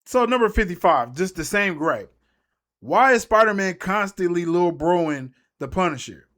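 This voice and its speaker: A man's voice: high-pitched, animated, normal speed, a bit bright. A man giving a casual, rambling movie recap as a YouTuber, slangy and trailing off mid-thought.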